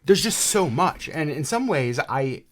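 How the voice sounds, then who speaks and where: A woman's voice: low-pitched, very animated, a little slow. A woman co-hosting a casual podcast chat, playful and teasing, rambling with plenty of fillers. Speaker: podcast co-host.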